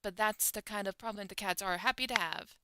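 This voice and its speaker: A woman streamer reading game events aloud with lively emphasis while playing, muttering asides between passages. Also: medium pitch, fairly quick, very noisy.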